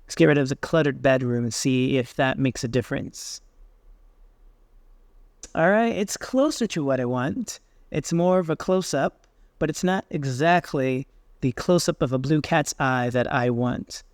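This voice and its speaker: Relaxed man walking through software. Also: medium pitch, a little slow, dry recording, clean studio sound. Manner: relaxed, thinking aloud with fillers. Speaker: tech tutorial host. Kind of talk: screen-recorded software walkthrough.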